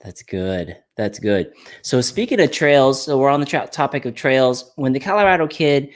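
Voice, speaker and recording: A man's voice: mid-range voice, animated, moderate pace. A man hosting a podcast, chatting casually and agreeably with his guest. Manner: agreeable, easygoing, laughs along. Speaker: podcast host. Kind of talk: casual chat.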